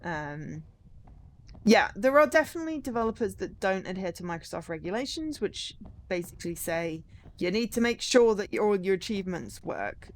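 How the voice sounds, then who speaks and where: A woman's voice: mid-range voice, lively intonation, moderate pace. A tired woman streaming a game, chatting wryly and reading signs aloud. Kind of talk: casual gaming stream commentary.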